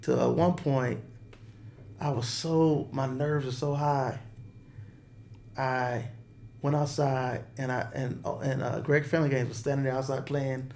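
A middle-aged man telling a story as an interview guest, animated and repeating words as he gets going. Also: mid-range voice, unhurried, vocal fry, a little hiss or hum. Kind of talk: casual storytelling.

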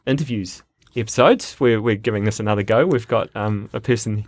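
A man's voice: on the low side, a little fast, no echo. A man hosting a podcast in a library sound studio, chatty and giggly, rambling with fillers. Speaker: podcast host. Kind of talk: casual podcast chat.

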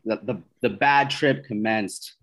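A man's voice: on the low side, a little slow, fairly bright tone. Man, casual storyteller, stumbles and repeats himself, self-mocking laughs. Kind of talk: casual podcast chat.

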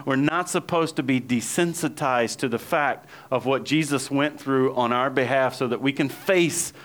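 A man's voice: mid-range voice, normal speed, a bit bright. A man preaching a casual sermon, telling everyday stories and acting out what people said, with frequent laughs. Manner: storytelling, chatty, laughs often, acts out quotes. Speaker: pastor. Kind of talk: conversational sermon.

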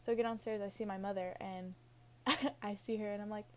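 A woman's voice: mid-range voice, fairly even intonation, a little fast, a little mellow. A young woman hosting a casual podcast, rambling with a Valley-girl sound, saying "like" and "literally" all the time and laughing at her own jokes. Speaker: podcast host.

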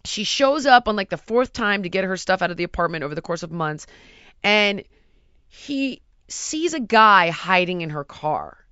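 A woman's voice: mid-range voice, moderate pace, clean tone, no room sound, dull audio. A woman hosting a casual podcast, telling a family story bluntly and acting out the quotes. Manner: blunt, animated, acts out quotes. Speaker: podcast host.

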